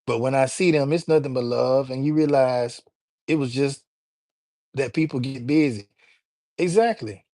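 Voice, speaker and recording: A man's voice: mid-range voice, moderate pace, a little mellow. A man from Alabama, hosting a casual livestream and chatting in a laid-back, slangy way while greeting viewers by name. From Alabama, USA. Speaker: livestream host.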